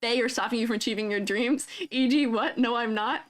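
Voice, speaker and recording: A young woman's voice sitting a little above the usual range, bubbly and quick to giggle. She chats casually with viewers on a live stream, teasing and reacting playfully to fan art. The talk is loose and spontaneous. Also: fairly high pitch.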